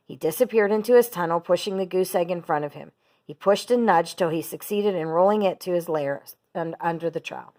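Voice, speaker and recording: A teacher reading a children's book aloud, steady and expressive. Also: female voice, lowish voice, brisk.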